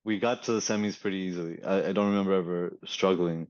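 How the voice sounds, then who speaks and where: Lower-voiced man with dull lo-fi sound. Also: fast talker. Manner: relaxed, repeats words while recalling. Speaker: interview guest. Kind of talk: casual interview chat.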